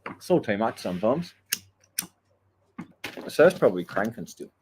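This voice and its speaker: A man's voice: on the low side, big pitch swings, moderate pace, background noise. An Australian man who surfs, telling stories in a casual, blunt rant full of swearing. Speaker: surfer vlogger. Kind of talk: casual ranting storytelling.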